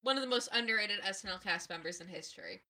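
A woman co-hosting a podcast in casual chat, joking in a playful, deadpan way. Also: medium pitch, fast. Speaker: podcast co-host.

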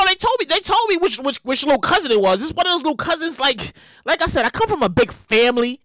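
A woman in her thirties with a New York accent rants into a podcast microphone at home. Her voice sits high and swoops all over the place, with a bright, sharp edge. She gets excitable, repeats herself and now and then breaks into shouting. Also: quick pace, no room sound, clean studio sound. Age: 30s. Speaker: podcast host. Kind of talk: comedic podcast monologue. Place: home, seated in a chair.

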